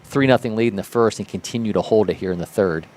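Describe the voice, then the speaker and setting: Low-voiced man calling baseball play-by-play. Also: quick pace. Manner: lively, rises sharply on big plays. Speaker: play-by-play commentator.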